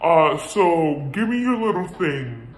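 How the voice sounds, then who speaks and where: A woman voicing a menacing male robber with slow, drawn-out threats. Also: on the low side, big pitch swings, noisy background, voice pushed down. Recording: echoey room.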